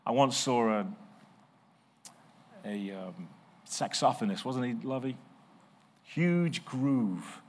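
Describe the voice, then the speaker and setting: A middle-aged male pastor preaching a sermon, swinging from soft, slow passages to loud, emphatic ones. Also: medium pitch, animated.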